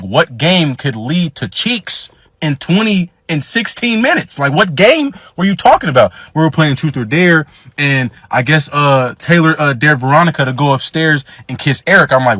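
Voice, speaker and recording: A man telling a profane, animated party story in casual slang, quoting people in his own voice. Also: a little high, no echo. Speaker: storyteller guest.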